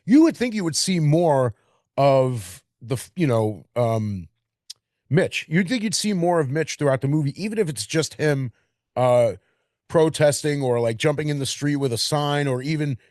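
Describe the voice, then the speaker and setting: A man from Queens with a New York accent, co-hosting a casual film podcast and talking in long animated run-on stretches. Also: a little high, moderate pace, no echo, studio quality. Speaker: podcast co-host. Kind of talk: casual chat.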